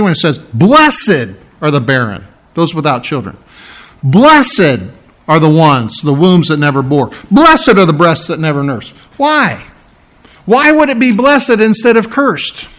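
A man delivers a sermon in a voice sitting a bit high for a man. He acts out quotes with sudden swings in loudness and pitch. He restarts his sentences often and keeps clearing his throat. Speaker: preacher.

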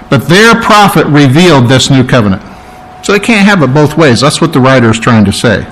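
A man's voice: fairly high pitch, a bit bright, poor audio. A man preaching a sermon as a pastor, emphatic and conversational, with asides to the congregation.

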